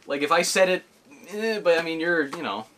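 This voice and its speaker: A man hosting a casual podcast chat, often laughing and telling stories with animated delivery. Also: fairly high pitch, moderate pace. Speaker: podcast host.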